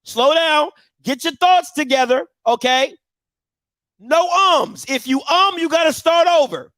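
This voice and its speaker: A man in his thirties with a strikingly high-pitched voice hosts a heated commentary rant. He mocks his target with rapid-fire rhetorical questions and breaks into shouting now and then. The sound is dry and close, with no room echo. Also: expressive. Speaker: show host.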